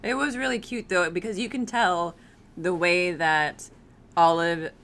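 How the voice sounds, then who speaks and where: Young woman, podcast co-host, bright tone, low-ish pitch, faint hiss. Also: steady tone, measured pace. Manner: laughs easily, jumps in with quoted lines. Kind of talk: casual chat recapping a film.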